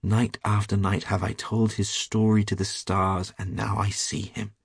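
A tender storybook nightingale speaking earnestly of love, read by a man. The voice stays low and husky, recorded dry and close. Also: level tone, a little slow, dry recording, heavily acted. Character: female nightingale, tender and devoted.

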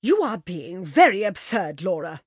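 A woman reading a story aloud, voicing a genteel middle-aged mother whose drawn-out, indulgent talk turns coldly firm. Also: lowish voice, big pitch swings, darkish tone, breathy edge, no echo, clean studio sound, heavily acted.

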